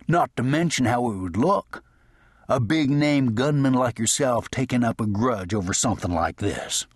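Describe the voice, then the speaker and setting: Male narrator reads a sly, whining western outlaw in a husky voice, storybook style. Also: mid-range voice, expressive, normal speed, no room sound, studio quality. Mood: sly mocking. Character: defiant dazed outlaw gunman, whiny and sly.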